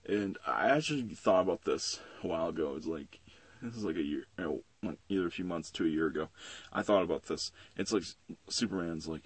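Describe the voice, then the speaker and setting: A man's voice: low-pitched, a little fast, slightly rough, no echo. A young man casually rambling through a comic book review, with plenty of fillers and swearing. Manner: rambling and profane, with many fillers.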